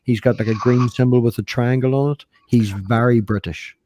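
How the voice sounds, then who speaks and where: A man chatting casually on a livestream, enthusiastic and excitable as he tells stories. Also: medium pitch, moderate pace, a little hiss or hum. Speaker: streamer, guest on a livestream. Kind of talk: casual chat.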